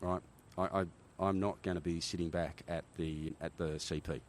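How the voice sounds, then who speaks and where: A middle-aged Australian man, a former army helicopter pilot, telling animated stories in a casual interview, often checking in with "right?". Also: sits low, moderate pace, slight background noise. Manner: animated war-story telling, frequent "right?" tags.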